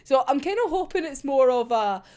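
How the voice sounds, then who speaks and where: A young woman chatting casually as she reviews a comic chapter, excitable and sweary, often breaking into laughter. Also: high voice, brisk. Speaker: manga reaction vlogger.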